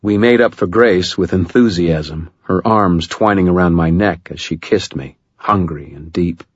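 Deep husky male audiobook narrator. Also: measured pace, no room sound, dull audio. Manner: dry, wry storytelling. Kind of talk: first-person scripted narration.

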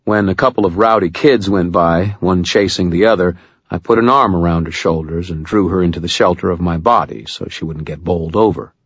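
Deep husky male audiobook narrator. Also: a little fast, no room sound, highs cut off. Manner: dry, wry storytelling. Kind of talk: first-person scripted narration.

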